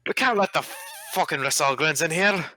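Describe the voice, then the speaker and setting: A man's voice: mid-range voice, a little slow, bright, forceful tone, clean tone, dry recording, low-quality recording. A man voicing a short-tempered male dwarf official who swears and speaks with a put-on accent. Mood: hostile.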